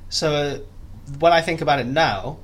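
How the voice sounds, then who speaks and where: A man's voice: a little high, normal speed. A young man chatting as a podcast guest, self-deprecating and full of restarts. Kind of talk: casual interview chat.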